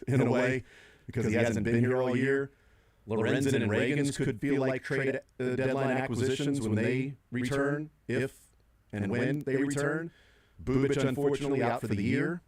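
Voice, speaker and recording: A middle-aged man hosting sports talk radio, rambling through his points with many fillers and restarts. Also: medium pitch.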